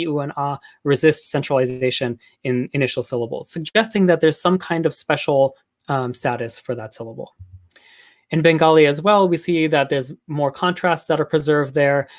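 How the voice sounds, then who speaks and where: Man giving an academic lecture. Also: a little high. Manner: measured, explanatory, frequent ums and uhs. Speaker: linguistics lecturer.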